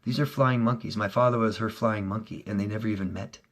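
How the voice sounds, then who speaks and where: A middle-aged man, a relationship coach, talking straight to viewers in a heated, profane way, swinging between loud outbursts and low, quiet stretches. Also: fairly even intonation, fast. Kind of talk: casual monologue to viewers.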